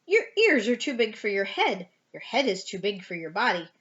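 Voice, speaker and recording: A woman voicing a mischievous, bouncy kitten boy, exclaiming in a raised voice while reading a picture book aloud. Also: moderate pace. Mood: excited. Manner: high, excited exclaiming. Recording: dull lo-fi home recording.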